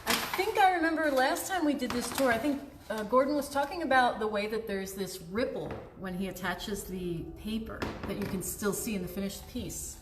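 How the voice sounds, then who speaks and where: A woman's voice: on the high side, normal speed, few pauses. A woman co-hosting a live-stream gallery tour, chatty and reading out viewers' comments. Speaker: gallery co-host. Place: art gallery indoors. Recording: echoey room with noticeable background noise.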